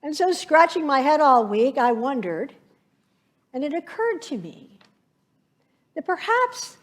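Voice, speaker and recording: A woman pastor preaching a sermon, slow and reflective, painting scenes from scripture for her congregation. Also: high-pitched, very animated.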